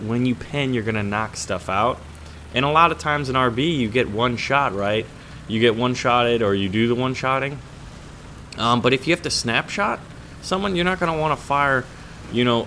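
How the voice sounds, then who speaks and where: A man's voice: mid-range voice, bright, forceful tone, slight background noise. Rambling man doing gameplay commentary. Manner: rambling and joking, many fillers and restarts. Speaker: gaming channel host.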